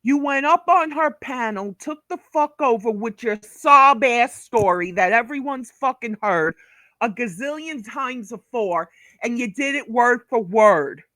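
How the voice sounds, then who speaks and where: A woman's voice: fairly high pitch, lively intonation, a little slow, fairly bright tone, no echo, studio quality. A woman from Brooklyn, ranting on a commentary vlog, blunt, profane and scolding. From Brooklyn, New York. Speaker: vlogger.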